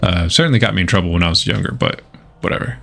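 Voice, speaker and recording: A man's voice: low voice, racing, vocal fry, fairly bright tone, soft background music. A middle-aged man streaming a video game, telling a long story in casual chat, swearing freely and restarting his sentences. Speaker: gaming streamer. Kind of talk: casual livestream chat over gameplay.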